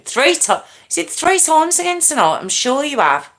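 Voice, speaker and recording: Chatty woman live host, lively voice. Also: high-pitched, moderate pace. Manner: chatty, apologetic, drops into whispers. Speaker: livestream host. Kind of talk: casual live chat with viewers.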